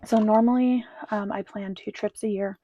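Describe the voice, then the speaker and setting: This budgeting vlogger, an adult woman with children, rambles through a casual cash-stuffing walkthrough of her monthly budget, full of ums and counting bills under her breath. Her medium-pitched voice stays fairly even at a moderate pace. The lo-fi audio carries a little hiss or hum.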